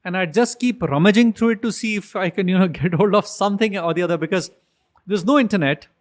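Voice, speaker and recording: A man talks as a podcast guest in a somewhat high voice. He tells long, rambling stories and keeps reaching for "um," "I mean" and "you know.". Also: fast talker. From India. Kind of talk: casual storytelling interview.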